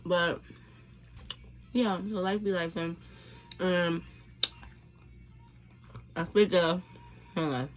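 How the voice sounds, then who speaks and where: Laid-back low-voiced woman eating on camera. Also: steady tone, very slow, pauses often, faint music behind. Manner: laid-back, rambling, talks between bites. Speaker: mukbang vlogger. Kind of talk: casual eating chat to camera.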